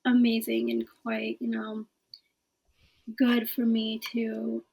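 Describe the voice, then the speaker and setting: A woman's voice: fairly high pitch, monotone, slow pace, vocal fry, a little mellow, slightly rough, low-quality recording. A young woman in her twenties, a student guest in a casual interview, speaking earnestly and laughing often.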